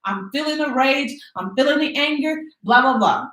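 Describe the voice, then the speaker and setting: A woman in her twenties tells a story to her viewers, casual and slangy, acting out each moment dramatically. Her voice sits a little high. The room around her rings with a noticeable echo. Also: moderate pace. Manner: animated, dramatic retelling with slangy asides. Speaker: vlogger. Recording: echoey room.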